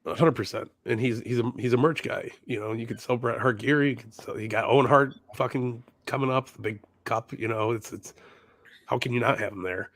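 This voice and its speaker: Laughing, swearing wrestling podcast host. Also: male voice, medium pitch, fairly even intonation, brisk, fairly bright tone, dry recording. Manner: laughs often, swears casually, restarts sentences. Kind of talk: casual wrestling chat.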